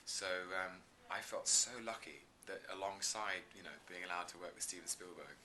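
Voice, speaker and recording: A man's voice: deep voice, normal speed, pushed and bright, slight background noise. A man in his thirties, an actor being interviewed, talking earnestly and effusively with many restarts. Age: 30s. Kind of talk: casual interview chat.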